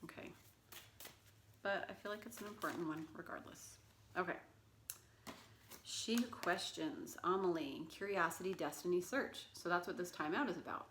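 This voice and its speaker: A woman's voice: lowish voice, normal speed, pauses often, a bit bright, a little hiss or hum. A woman giving a casual tarot reading, chatty and rambling, with plenty of fillers and asides. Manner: talks baby talk to her cat. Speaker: tarot reader.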